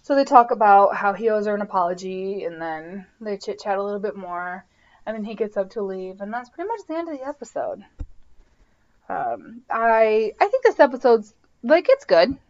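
A woman's voice: mid-range voice, expressive, normal speed, dull audio. Chatty woman recapping a TV episode. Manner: chatty, lots of "like" and "um". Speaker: podcast host.

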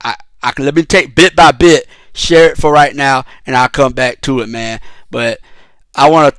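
A man's voice: medium pitch, steady tone, normal speed, fairly bright tone, no room sound. A man hosting a solo podcast, talking in a heated, profane, rambling way with lots of restarts. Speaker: podcast host. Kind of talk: casual solo podcast commentary.

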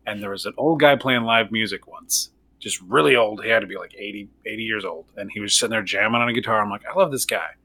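A man's voice: fairly low pitch, quick pace, vocal fry, hardly any pauses, bright, forceful tone. A man telling a funny story in casual chat, amused and joking, laughing along.

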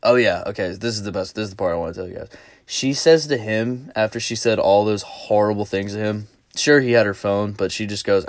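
A man's voice: lowish voice, a little fast, no echo, clean studio sound. A man hosting a podcast, telling a rambling, profanity-laced story in a casual, amused way. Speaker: podcast host.

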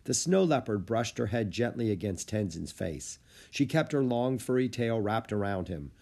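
A man narrating a children's chapter book aloud. His pitch is lively and expressive, and he keeps a steady storyteller's flow. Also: moderate pace, vocal fry. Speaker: audiobook narrator.

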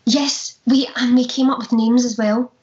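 A woman's voice: a little high, fairly even intonation, moderate pace, a little mellow. Chatty Glaswegian woman, roomy lo-fi sound. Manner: chatty, laughs often, acts out quotes. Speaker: musical theatre performer, guest. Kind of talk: casual chat, anecdotes.

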